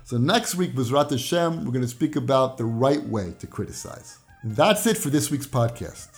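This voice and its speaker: A man hosting a weekly Torah podcast, earnestly explaining lessons through retold stories and scripture. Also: a little high. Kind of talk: weekly religious teaching podcast.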